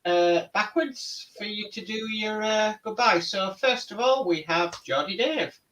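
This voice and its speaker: A man's voice: sits high, unhurried, fairly bright tone, distant mic, rough recording. A man hosting a casual model-building live stream, rambling and friendly with many fillers. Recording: voice somewhat off-mic.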